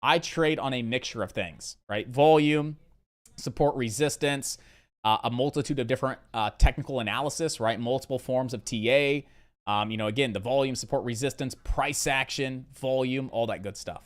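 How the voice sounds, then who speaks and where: This host of a live day-trading stream speaks at medium pitch and a moderate pace. He responds to viewers in a rambling, filler-heavy way and repeats his core ideas as lists.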